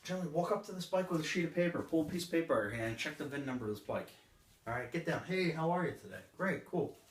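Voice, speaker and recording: This man's voice sits on the high side, racing along with fairly even intonation as he trains a live audience in sales. He talks punchily and slips in short acted scenes with customers. It's a seminar talk recorded from a distance in a roomy space.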